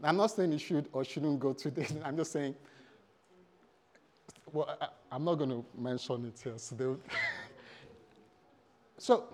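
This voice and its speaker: A male pastor preaching a sermon in a church service, humorous and animated, calling out to the congregation. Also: a little high, measured pace, pauses often.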